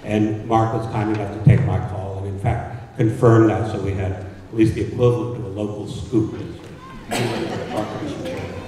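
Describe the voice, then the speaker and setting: An older man giving a memorial eulogy as a newspaper editor, pausing often with ums and restarts. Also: fairly low pitch, level tone, dark tone, a little hiss or hum. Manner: hesitant, many pauses and fillers. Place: large hall at a memorial service. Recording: echoey hall, from far off.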